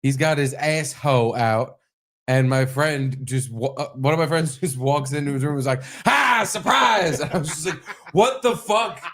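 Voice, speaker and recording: Young guy co-hosting a podcast, loud and crude, keeps doing goofy toasts. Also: medium pitch, steady tone. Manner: rowdy, swears a lot, drawn-out mock toasts. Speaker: podcast co-host. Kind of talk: casual chat. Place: home podcast studio.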